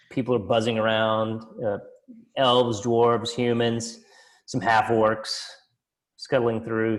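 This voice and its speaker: A man running a tabletop game as dungeon master, describing scenes in a casual, halting way with many restarts. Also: medium pitch, rough recording.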